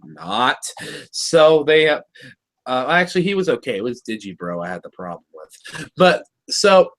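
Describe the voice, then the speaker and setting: A man's voice: fairly high pitch, sing-song, moderate pace. A man of Mexican heritage reviewing a cartoon episode in rambling, joking casual chat.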